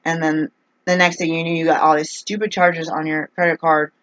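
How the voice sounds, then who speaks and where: A woman's voice: sits low, little pitch movement, brisk, a bit bright, dry recording. A woman ranting in a casual vlog, rambling and exasperated as she complains. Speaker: vlogger. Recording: dull, dry lo-fi recording.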